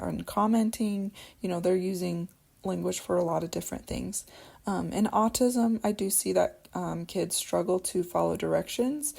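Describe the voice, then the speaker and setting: A woman's voice: on the low side, gravelly, mellow. A woman speech-language pathologist explaining things in a casual, loose way, with lots of fillers and restarts.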